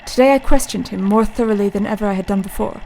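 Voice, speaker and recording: A woman playing a young male asylum doctor in a radio play, reading his journal in a measured, introspective way. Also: mid-range voice, dark tone, slight background noise, natural voice, rough recording. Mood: brooding.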